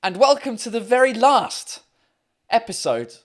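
A man's voice: very high voice, very animated, a little slow. A man hosting his own live stream show, chatting casually and swearing freely.

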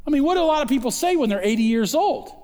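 Man preaching, high voice, emphatic, quick asides and slow stressed words, long hall echo. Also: lively intonation, darkish tone. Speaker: pastor. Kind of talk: sermon.

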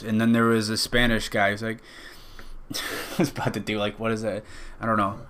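A man's voice: on the low side, level tone, fairly quick, sharp tone. A young man hosting a solo podcast, rambling casually, swearing often and cracking jokes at his own expense. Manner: rambling, profane, joking. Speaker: podcast host.

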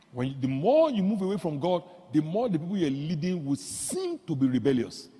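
A man preaching a sermon, swinging from quiet asides to loud exclamations and leading the congregation in call-and-response. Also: husky. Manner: animated, jumps from low asides to loud exclamations. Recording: long hall reverb.

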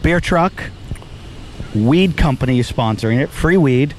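A man hosting a podcast, telling crude stories in animated, profane casual banter into a studio microphone. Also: mid-range voice, unhurried, a little hiss or hum. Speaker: podcast host.

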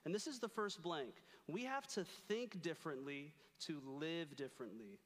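A man's voice: fairly high pitch, lively intonation, normal speed, few pauses, a bit bright, big-room sound. A young man giving an earnest, playful talk at a retreat as a campus ministry speaker. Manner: earnest, playful, reads scripture aloud. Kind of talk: sermon-style talk at a retreat.

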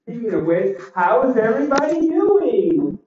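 A man doing a deadpan stand-up set with one-liners and crowd chat, his voice a little crackly, on a small club stage. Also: very high-pitched, normal speed. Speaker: stand-up comedian. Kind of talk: open mic stand-up set. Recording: roomy, distant, dull club recording.

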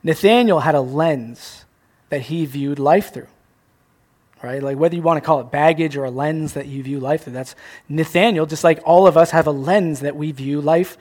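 A young man preaching a sermon as pastor, animated, acting out little scenes and joking at his own expense. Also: on the high side, moderate pace. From Canada. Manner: animated, acts out voices, self-mocking jokes.

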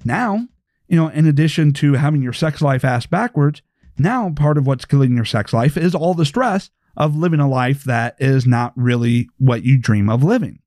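A man's voice: mid-range voice, animated, moderate pace, darkish tone, no echo, studio quality. Provocative man lecturing on a podcast. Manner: provocative, lecturing, asks rhetorical questions. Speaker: podcast host. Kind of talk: opinionated podcast monologue.

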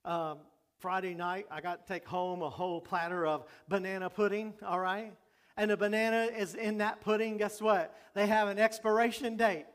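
A man's voice: sits high, flat delivery, moderate pace. A man pastor preaching a sermon in a conversational way, asking the congregation questions and joking along the way.

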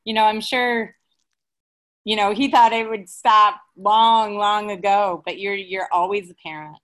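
A woman's voice: mid-range voice, fairly even intonation, unhurried, fairly bright tone. A woman in her forties, an educator, explaining herself in a casual interview with anecdotes. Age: 40s. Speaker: educator guest.

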